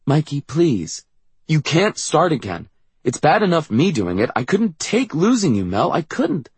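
Man voicing a teenage girl, soft and pleading, husky, dry sound. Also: medium pitch, lively intonation, moderate pace, no echo, pitched above the performer's own voice. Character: teenage girl Mel, worried sister.

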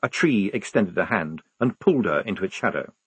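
Man narrating a novel, lively pitch, very husky, dry close sound. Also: a little fast, no room sound. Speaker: audiobook narrator. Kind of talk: scripted narration.

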